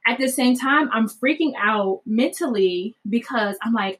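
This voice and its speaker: A woman with a somewhat high voice recounts a personal story. She talks in a loose, animated way, full of fillers and quick laughs. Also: slight background noise, rough recording. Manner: animated, chatty, many fillers like "like" and "um", laughs often. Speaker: mother telling her birth story.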